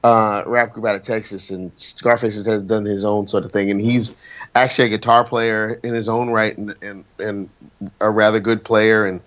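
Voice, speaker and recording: A man's voice: lowish voice, level tone, moderate pace, a bit bright. Rambling male singer, lo-fi sound. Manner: rambling, many restarts and fillers. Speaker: singer, interview guest. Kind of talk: casual interview chat.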